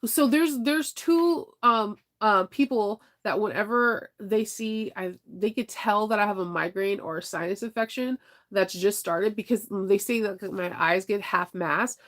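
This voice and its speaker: A woman's voice: medium pitch, a little slow. Congested, chatty woman live-streaming. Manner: animated, laughing, talks to chat by name. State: congested with a sinus infection. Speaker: vlogger reading live chat. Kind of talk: casual live-stream chat.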